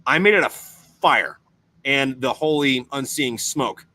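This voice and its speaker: A man's voice: medium pitch, animated, a little slow, pushed and bright. A man voicing Lucifer as an indignant male angel who questions orders, whiny and defiant in a comedic retelling.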